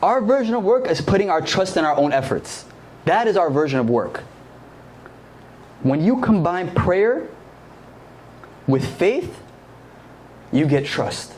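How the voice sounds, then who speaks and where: A man's voice: sits high, big pitch swings, a little slow, pauses often, a little mellow, slight background noise. Slangy young man preaching to youth. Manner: conversational, slangy, quizzes the audience with questions. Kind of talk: casual sermon. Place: church service.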